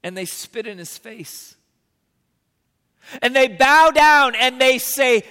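A pastor in a church delivers a sermon in a high, bright voice that rings out. He speaks slowly and earnestly and pleads with his hearers. Long reverb from the large hall trails each phrase. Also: animated, smooth. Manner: earnest, pleading, builds to emphatic rises. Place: church sanctuary.

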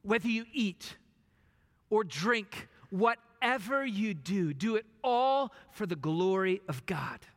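A pastor preaching a sermon emphatically, dropping at times to a hushed voice. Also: male voice, high-pitched, expressive, slow. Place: church sanctuary. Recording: long reverb of a large hall.

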